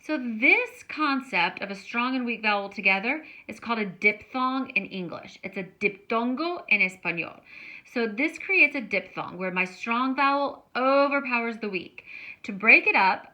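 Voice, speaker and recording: A woman teaching a Spanish grammar lesson, explaining slowly and stretching words out to show how they sound. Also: a little high, bright, forceful tone.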